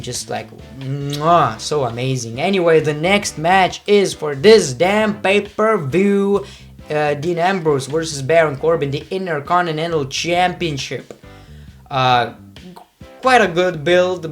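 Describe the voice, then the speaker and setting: A man giving casual, rambling wrestling predictions, swearing freely and cutting himself off mid-sentence. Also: a little high. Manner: profane, rambling, self-interrupting.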